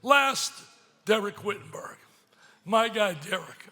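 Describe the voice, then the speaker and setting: An older man giving an emotional gala speech, swinging from loud excitement to hushed pleading, at a podium microphone in a large banquet hall. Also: high-pitched, slow, a faint crowd, a little hiss or hum. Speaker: speaker at a charity gala.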